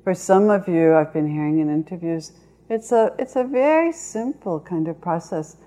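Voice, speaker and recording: A woman meditation teacher giving a dharma talk, speaking slowly and in a measured way, with long pauses. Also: on the low side, animated, warm tone.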